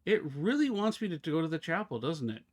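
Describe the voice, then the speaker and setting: A man live-streaming a game, chatting casually with his viewers as he plays, talking fast and slurring his words together. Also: fairly high pitch, very animated. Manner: chatty, talks to chat while fiddling with settings. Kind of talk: casual live-stream chat while gaming.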